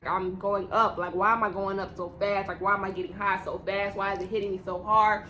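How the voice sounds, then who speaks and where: Bright-voiced young woman telling a story. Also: mid-range voice, little pitch movement, a little fast, a little hiss or hum. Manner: rambling, repetitive slang-heavy storytelling with laughs. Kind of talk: casual storytime vlog.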